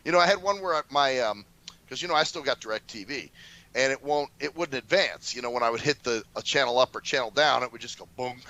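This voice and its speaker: A man's voice: medium pitch, fairly quick, low-quality recording. A man co-hosting a casual talk show, telling profane stories. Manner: storytelling, profane, animated. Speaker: radio show co-host. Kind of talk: casual chat.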